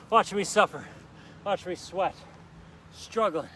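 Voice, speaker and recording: A man's voice: high-pitched, animated, moderate pace, long pauses, bright, forceful tone, slight background noise. A male fitness instructor coaching a live outdoor workout, upbeat and urging viewers on with countdowns while out of breath and sweating. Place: outdoors in a park on grass.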